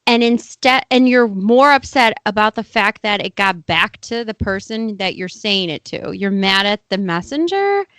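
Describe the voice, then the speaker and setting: A woman's voice: mid-range voice, expressive, moderate pace, few pauses, a bit bright, smooth, dry recording. A woman co-hosting a podcast, making indignant and sarcastic remarks in casual commentary. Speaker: podcast co-host.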